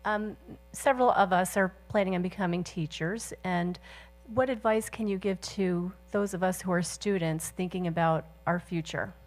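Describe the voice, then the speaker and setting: A woman's voice: fairly low pitch, fairly even intonation, normal speed. A woman interviewer posing earnest questions to a guest.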